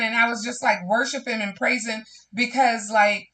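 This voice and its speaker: A woman's voice: a little high, steady tone, normal speed, fairly bright tone. A woman hosting a live crafting stream, chatting casually and slipping into preachy, faith-filled testimony to viewers. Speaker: crafting livestream host.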